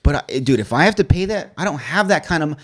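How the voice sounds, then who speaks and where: A fast-talking man with a fairly high, fairly bright voice and lively intonation co-hosts a podcast. Exasperated, he tells a frustrating story in casual chat, cursing freely and quoting the back-and-forth from both sides.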